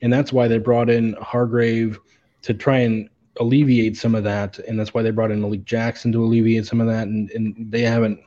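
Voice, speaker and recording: A man's voice: medium pitch, little pitch movement, normal speed, mellow, lo-fi sound. A man co-hosting a sports podcast, breaking down players with many fillers and repeated words. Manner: analytical, hesitant fillers and repeats. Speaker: podcast co-host. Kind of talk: casual sports podcast chat.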